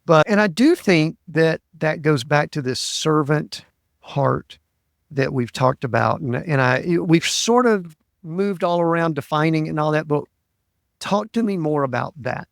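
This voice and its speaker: A man's voice: on the high side, lively intonation, measured pace, gravelly, no room sound, studio quality. A man who hosts a podcast and works as a coach, asking reflective, probing questions in a conversational interview.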